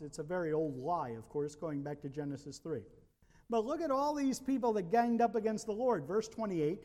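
A man with a high voice preaches a sermon, posing rhetorical questions and building emphasis. His voice rings with a long reverb, as if in a large hall. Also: lively intonation, moderate pace, dark tone.

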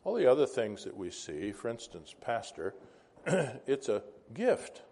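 Brief: male Bible teacher, casual and chatty, mid-pitched voice, quizzes the room. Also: big pitch swings, a little slow, warm tone, husky. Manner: conversational, asks the class questions, wanders into asides. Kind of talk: informal Bible class teaching.

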